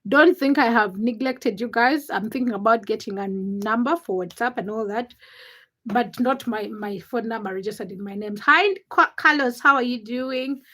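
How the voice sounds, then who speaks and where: Ugandan woman, young adult, high voice, live-chat host greeting viewers, playful and self-mocking. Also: normal speed, fairly bright tone. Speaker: livestream host. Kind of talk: casual livestream chat.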